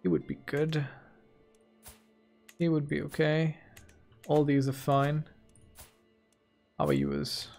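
Brief: laid-back let's-play host, unhurried, gravelly, game music under him. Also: male voice, a little high, sing-song. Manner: musing, self-talking, playful. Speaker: gaming video host. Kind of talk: casual let's-play commentary. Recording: soft game music behind.

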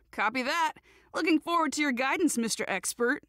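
A woman's voice: high voice, moderate pace, a bit bright, no room sound, studio quality. A woman voicing a brash, cocky teenage boy ninja in a game cutscene, playful and teasing. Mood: breezy. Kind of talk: video game cutscene dub.

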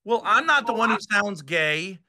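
Dismissive middle-aged man with a sharp, bright voice. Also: high voice, expressive, moderate pace, no echo, clean studio sound. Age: 50s. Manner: dismissive, lecturing, cursing. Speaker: father in a family argument. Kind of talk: heated family argument.

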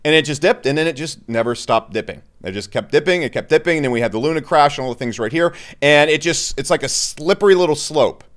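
A man with a voice sitting slightly high for a man delivers opinionated commentary straight to the viewer. He is blunt and exasperated, and often slips into mocking little voices of the people he criticizes. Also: lively intonation. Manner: blunt, exasperated, mocks others in quick put-on voices. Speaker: crypto YouTuber. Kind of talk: opinionated market commentary to camera.

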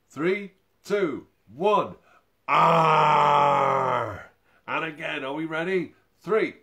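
A man hosting a music session for babies and toddlers, talking to them in a gentle, chatty way. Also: mid-range voice. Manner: gentle, chatty, talks directly to small children. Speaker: children's music session host. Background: ukulele playing.

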